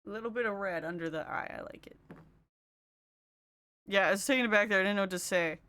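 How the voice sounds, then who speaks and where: A woman talks casually on a livestream while she does her makeup. She is chatty, laughs often and replies to her chat as she goes. Her voice sits at an ordinary middle pitch. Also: fairly quick, bright, forceful tone. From Canada.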